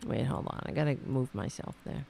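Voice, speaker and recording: A woman's voice: a bass voice, a little fast, gravelly, warm tone. A woman hosting a political commentary show, talking in a sarcastic, mocking and rambling way, with many restarts. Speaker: host. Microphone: computer mic on a call setup.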